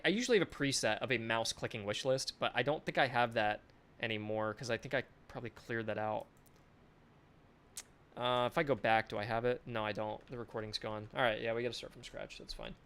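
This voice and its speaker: A man of middle pitch talking his way through editing work on a live stream. He is chatty and loose, pokes fun at himself and swears in passing, close to his desk microphone. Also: fairly bright tone, smooth. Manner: chatty, self-mocking, swears offhandedly. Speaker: game developer. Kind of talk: casual live-stream commentary.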